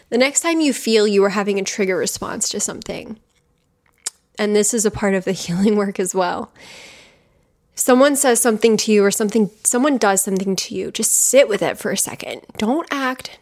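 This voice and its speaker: Candid, emphatic woman hosting a healing podcast. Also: medium pitch. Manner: candid, emphatic, blunt with occasional swearing. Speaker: podcast host, healing coach. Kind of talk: personal spoken monologue on healing.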